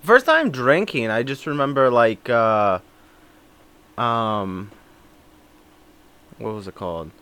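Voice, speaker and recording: Twenties male co-host, mid pitch, casual, filler-heavy storyteller. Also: animated, slow pace, pauses often, pushed and bright, clean tone. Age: 20s. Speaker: podcast co-host. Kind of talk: casual chat.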